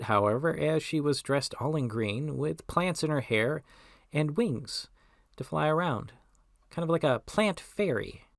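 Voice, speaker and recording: A man in his forties hosting a solo podcast. He talks in a wry, self-mocking way, with deadpan asides. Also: medium pitch, no room sound, studio quality. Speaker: podcast host.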